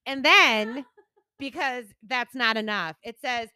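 A woman's voice: on the high side, slow pace, pushed and bright, smooth, no echo, clean studio sound. A woman in her forties, a podcast co-host, telling a story in casual chat, acting out the quotes and swearing freely. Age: 40s.

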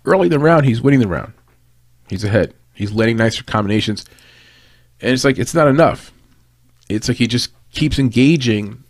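Man, fight analysis, casual and rambling, mid-pitched voice, dry close sound. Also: a little mellow, no echo. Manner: conversational, rambling with restarts and tangents.

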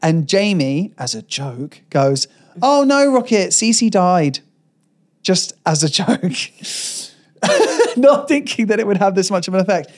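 Animated man telling stories. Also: high voice, a little slow, breathy edge. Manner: animated storytelling, playful. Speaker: podcast co-host. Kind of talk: casual chat.

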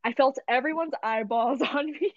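A young woman hosting a podcast, telling a story in a casual, animated way with frequent laughs and filler words. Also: high voice, normal speed, dry recording. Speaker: podcast host. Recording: dull lo-fi dry recording.

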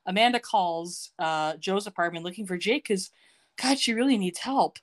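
A woman in the middle of a casual podcast chat, recapping a show with sarcastic asides. Her voice sits at an ordinary pitch, and she jumps between quick storytelling and dry commentary. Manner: animated, sarcastic, laughs often. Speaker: podcast co-host.

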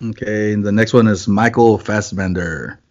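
A man's voice: fairly low pitch, fairly even intonation, normal speed, a little mellow, dull audio. A man chatting casually as a podcast co-host, loose and rambling, swearing and joking. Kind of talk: casual chat.

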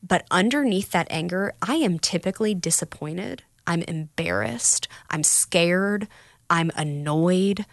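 A woman's voice: lowish voice, a little slow, vocal fry, dry recording, clean studio sound. A woman talking candidly about recovery in a casual podcast chat, telling stories with quoted voices.

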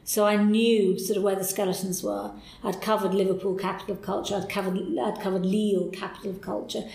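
A middle-aged woman, a podcast guest, telling candid stories in an animated, enthusiastic way. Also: medium pitch, fairly quick, creaky. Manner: animated and enthusiastic, acts out quoted voices. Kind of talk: candid anecdotal storytelling. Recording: roomy echo.

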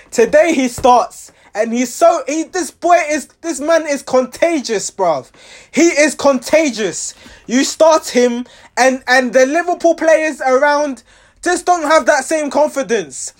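High-voiced exasperated football fan. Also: male voice. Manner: rambling, exasperated, frequent restarts. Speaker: football fan reviewing a match. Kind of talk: casual match reaction.

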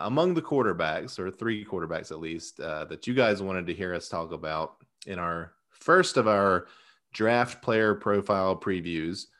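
A man's voice: fairly low pitch, a bit bright. A man co-hosting a casual sports podcast, chatty, with lots of fillers. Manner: chatty, with frequent fillers and laughs. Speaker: podcast co-host.

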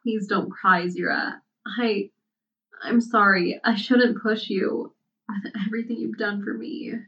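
A woman's voice: medium pitch, fairly even intonation, unhurried, pushed and bright, recorded from a distance, muffled recording, slight background noise. A woman voicing a casual, prickly woman whose offhand talk turns cutting. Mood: apologetic. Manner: offhand, then sarcastic and venomous.

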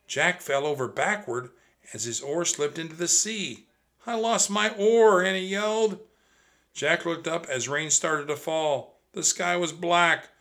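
A man reads a children's adventure story aloud at a slow, deliberate pace. His voice is bright and expressive, and he speaks straight to the kids listening. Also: a little high. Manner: expressive, addresses kids directly. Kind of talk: reading a children's book aloud.

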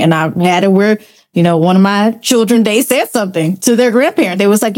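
A woman's voice: medium pitch, brisk, a little mellow, dry recording. A woman speaking earnestly in a casual group discussion. She laughs easily as she talks. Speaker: podcast co-host.

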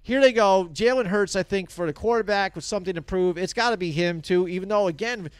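A man's voice: high voice, brisk, smooth, dry recording. A man co-hosting a casual sports talk show, rambling energetically through a sponsor read with lots of fillers. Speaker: sports podcast co-host.

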